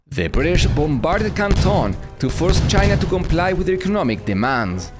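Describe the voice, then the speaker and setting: A man narrating an animated history story in a brisk, matter-of-fact way. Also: fairly high pitch, music in the background. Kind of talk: scripted narration.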